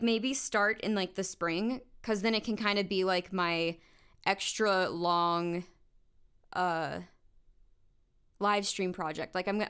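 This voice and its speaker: A woman's voice: medium pitch, fairly bright tone, clean tone. A woman singer talking casually between vocal takes in her home studio, thinking aloud on a studio condenser mic with a phlegmy morning voice. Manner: chatty, thinks aloud, filler-heavy.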